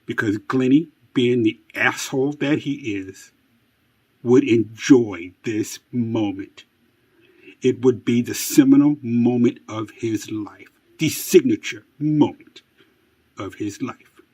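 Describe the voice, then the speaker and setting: A man telling a family story as mock-suspense narration, dramatic and hushed at times, with wry self-mocking asides. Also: mid-range voice, slightly rough. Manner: dramatic, slow and hushed, building to excited outbursts.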